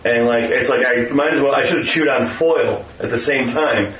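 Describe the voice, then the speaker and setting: A man's voice: mid-range voice, moderate pace, a bit bright. A man chatting casually in a sarcastic, rambling way, often mimicking voices, recorded from a distance with a muffled sound. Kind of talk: casual chat. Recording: roomy, distant, muffled with faint noise.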